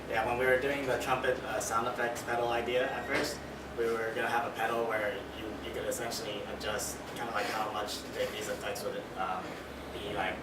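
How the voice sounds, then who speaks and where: A man's voice: lowish voice, level tone, fairly quick. A young man explaining a student project in a loose, rambling way, full of fillers. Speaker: student presenter. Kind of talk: class project presentation. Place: classroom. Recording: echoey room, distant mic, loud noise.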